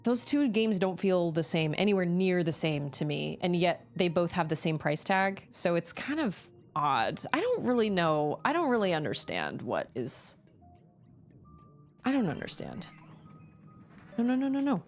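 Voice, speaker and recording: A woman streaming a game, chatting casually and reacting with quick exclamations as she plays. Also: fairly low pitch. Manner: chatty, animated, quick exclamations and laughs while playing. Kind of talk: casual live-stream chat while gaming. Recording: faint game music behind.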